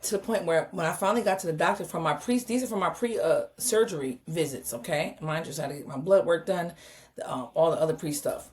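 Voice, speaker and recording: A woman co-hosting a podcast, telling stories in a casual, animated way, acting out the dialogue and talking to her listeners directly. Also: low-pitched, quick pace. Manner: animated storyteller, acts out dialogue, addresses listeners as y'all. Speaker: podcast co-host. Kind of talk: casual chat.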